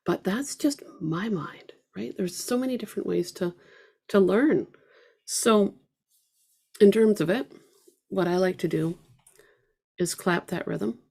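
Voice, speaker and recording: A woman's voice: on the low side, a little slow, creaky, darkish tone, slightly rough. A woman teaching an online ukulele class, counting beats aloud and chatting with her students. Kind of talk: online group music lesson. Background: ukulele playing.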